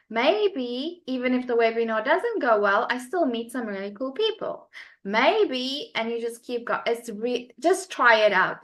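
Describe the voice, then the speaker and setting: A woman chatting enthusiastically on a group video call, bubbly and quick to laugh, with lots of "like". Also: a little high. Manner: enthusiastic, bubbly, laughs often, says "like" a lot. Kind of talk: lively casual chat.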